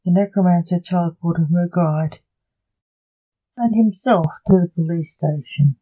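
A narrator reading a dark short story in a slow, deliberate way. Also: medium pitch, highs cut off.

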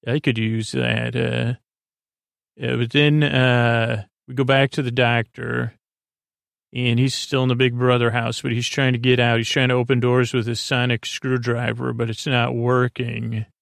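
A man with a gravelly, creaky voice rambles through a recap of a TV episode, full of hesitations and restarts. His delivery stays flat and level. The recording is dry and close, with no room sound. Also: mid-range voice, a little slow, dry recording. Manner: meandering, many fillers and self-corrections. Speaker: podcast host.

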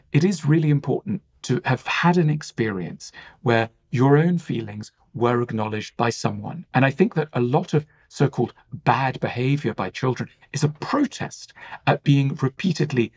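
A man's voice: mid-range voice, expressive, moderate pace, darkish tone, husky, lo-fi sound. A man talking as a podcast guest, explaining ideas in a thoughtful, reflective way with many "you know" fillers. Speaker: author and guest.

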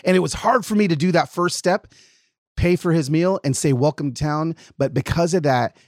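Male podcast host, higher voice, dry close sound, animated anecdote teller. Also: normal speed, dry recording. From lives in Nashville, Tennessee. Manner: animated storyteller, acts out quotes. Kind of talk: casual podcast chat.

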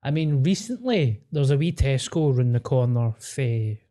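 Scottish guy, dark mellow voice, swearing, winding people up on a pod. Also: medium pitch, unhurried. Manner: joking, swears freely, deadpan wind-ups. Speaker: podcast co-host. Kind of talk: crude casual banter.

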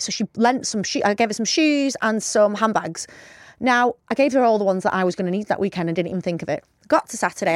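A woman's voice: mid-range voice, no echo, clean studio sound. A woman, co-hosting a podcast and telling a chatty, swear-filled story. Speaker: podcast co-host. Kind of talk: casual chat.

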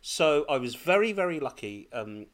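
A man on a podcast telling a lively personal story in casual chat, laughing often as he goes. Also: a little high, normal speed. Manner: animated, laughing, breathless when excited. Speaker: podcast co-host.

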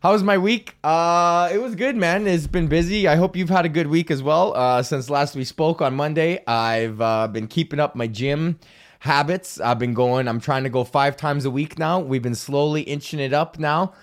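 A rambling, foul-mouthed man hosts his own podcast. His voice sits a little high for a man, and he jokes at his own expense as he rambles on. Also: moderate pace. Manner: profane, rambling, self-mocking. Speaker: podcast host. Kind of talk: casual solo podcast rant.

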